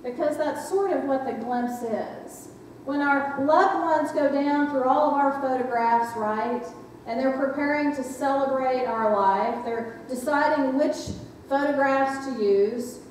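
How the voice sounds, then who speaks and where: A woman's voice: high voice, measured pace, slight background noise. A woman pastor giving a reflective sermon, often asking the congregation questions. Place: church sanctuary. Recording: echoey church hall from far off.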